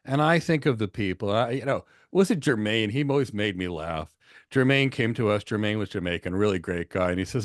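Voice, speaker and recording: American guy hosting a webinar q&a, lowish voice, dry close sound, tells stories, upbeat. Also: brisk, no echo. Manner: animated, storytelling, encouraging. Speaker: host and instructor. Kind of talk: live Q&A webinar.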